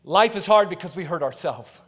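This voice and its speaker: In a church auditorium, a male pastor preaches a sermon, his high, husky, slightly bright voice trailing long reverb through the hall. Expressive and fairly quick, he speaks emphatically, calls to the congregation for agreement, and acts out quoted voices in his stories.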